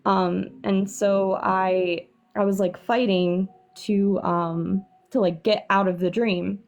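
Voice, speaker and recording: Nervous woman telling a story slowly. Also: medium pitch, level tone, darkish tone, lo-fi sound. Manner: nervous, hesitant, many fillers and restarts. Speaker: caller sharing a paranormal story. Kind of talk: casual storytelling on a live stream.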